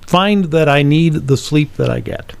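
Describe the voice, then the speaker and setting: A man's voice: fairly high pitch, unhurried, creaky, smooth. A man in a radio studio, the show's producer, answering offhand with wry quips. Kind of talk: casual radio chat.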